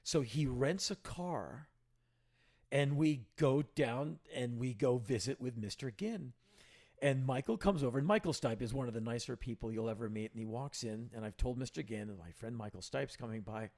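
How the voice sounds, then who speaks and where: A man's voice: medium pitch, moderate pace, creaky. A middle-aged man, a podcast co-host, telling casual anecdotes and livening them up when he quotes people. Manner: anecdotal, animated when quoting others. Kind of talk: casual storytelling.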